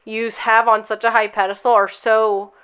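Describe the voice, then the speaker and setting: A woman's voice: a little high, level tone, normal speed, fairly bright tone, clean tone. A young woman co-hosting a podcast, telling a long story in a rambling, casual way full of fillers. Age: young adult. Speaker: podcast co-host.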